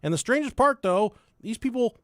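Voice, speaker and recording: A man's voice: very high voice, expressive, moderate pace, no echo, clean studio sound. A young man hosting a podcast, telling a story in a loose, profane way and laughing along with it. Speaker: podcast host. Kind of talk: casual storytelling chat.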